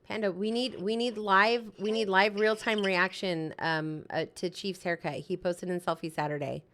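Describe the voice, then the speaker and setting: A woman's voice: mid-range voice, steady tone, moderate pace, a bit bright, a little hiss or hum. A woman hosting a live co-working stream, chatting casually and reacting eagerly to her viewers' messages. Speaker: livestream host.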